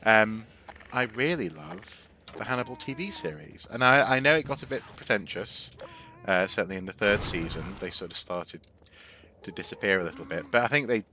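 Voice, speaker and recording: Low-voiced man rambling while gaming. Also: normal speed. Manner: rambling, self-correcting, chatty. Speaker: streamer. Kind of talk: gameplay commentary and chat. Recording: steady background noise.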